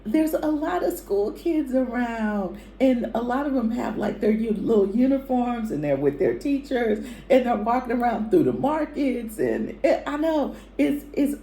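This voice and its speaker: A woman's voice: on the high side, very animated, a little slow, hardly any pauses, dark tone, a little hiss or hum. A woman co-hosting a vlog, telling travel stories in a chatty, rambling way with many fillers. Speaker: vlog co-host. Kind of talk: casual chat. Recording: echoey room.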